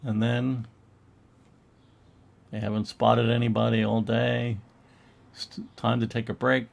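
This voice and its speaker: A man co-hosting a casual online chat about comic book art, chatty and quick to laugh, now and then reading captions aloud in mock voices. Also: medium pitch, flat delivery, creaky. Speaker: museum co-host.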